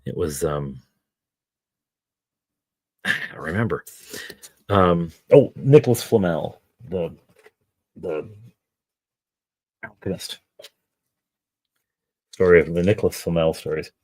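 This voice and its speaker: A man's voice: low voice, slow, pauses often. A man hosting a crafting stream, chatting in a meandering, self-deprecating way while he works at his home craft table. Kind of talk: casual chat while crafting.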